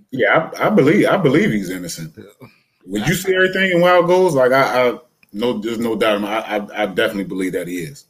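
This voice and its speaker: A man's voice: medium pitch, expressive, fairly quick, low-quality recording. A man co-hosting a casual podcast, agreeable and full of "you know" fillers. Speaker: podcast co-host.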